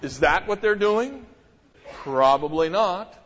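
A middle-aged man preaching a sermon as a pastor, talking in an animated way with many rhetorical questions and sudden emphasis. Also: sits high, slow. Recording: dull, echoey church hall.

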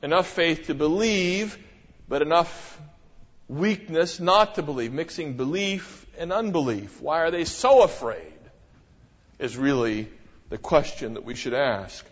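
A middle-aged man preaching a sermon as a pastor, talking in an animated way with many rhetorical questions and sudden emphasis. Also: fairly high pitch, a little slow. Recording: dull, echoey church hall.

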